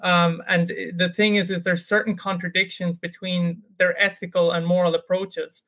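A man's voice: high-pitched, level tone, normal speed, bright, forceful tone. A man answers on a video call during a debate. He speaks hesitantly, restarting often as he works through his reasoning. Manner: hesitant, many fillers and restarts, reasoning aloud. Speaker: Christian panelist in a debate.

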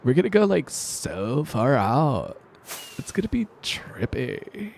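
A man voicing a spaced-out, laid-back male stoner with a slow, dreamy drawl. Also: medium pitch, sing-song, vocal fry, a little mellow, a little hiss or hum, heavily acted.

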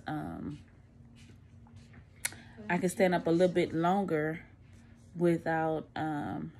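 A woman's voice: low-pitched, dark tone, a little hiss or hum. A middle-aged woman, chatting candidly to a phone camera at home, out of breath and tired after surgery. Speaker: vlogger. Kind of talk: casual post-surgery recovery vlog.

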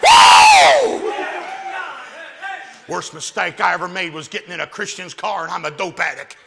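A man giving his testimony to a church youth rally, telling it as comic, animated preaching that swings from hushed asides to shouting. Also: high voice, fast talker, vocal fry, over a noisy crowd, very noisy. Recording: long hall reverb from a church venue.

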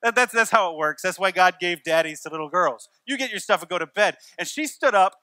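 A man's voice: high-pitched, expressive, fairly quick, pushed and bright, clear, resonant tone, no echo. A man in his forties preaching a church sermon, telling stories with wry humor and repeating key lines. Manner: storytelling with wry humor and repetition. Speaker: pastor.

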